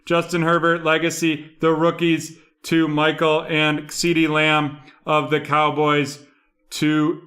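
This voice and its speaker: Young male host, bright clear voice, unhurried reading of a card break rundown. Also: on the high side. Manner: rattles off names and buyers in a steady rundown.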